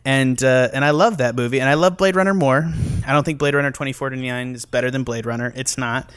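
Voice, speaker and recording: A man's voice: mid-range voice, fast, a bit bright, clear, resonant tone, no echo. A man co-hosting a podcast in casual film review chat, talking in long rambling runs with many restarts. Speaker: podcast co-host.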